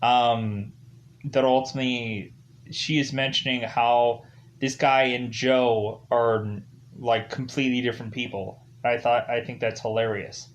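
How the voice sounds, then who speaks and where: A man talks through a film review in a loose, casual way. His voice sits at an average pitch, and he keeps circling back with fillers as he recounts the story. He now and then slips into rough, half-acted versions of the characters' lines. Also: fairly even intonation, unhurried, muffled recording. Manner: rambling, leans heavily on "ultimately" and "like" as fillers.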